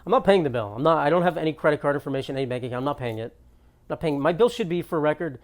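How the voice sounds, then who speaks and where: A man's voice: fairly high pitch, racing. Ranting young man comedy monologue. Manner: ranting, exasperated, profane storytelling. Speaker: comedian podcast host. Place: apartment.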